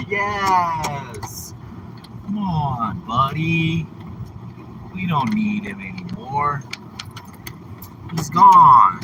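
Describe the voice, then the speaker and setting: A man's voice: on the high side, expressive, drawn-out words, pauses often, noisy background. A man livestreaming from a car, teasing and scolding viewers in his chat in casual talk. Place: in a car on a snowy road.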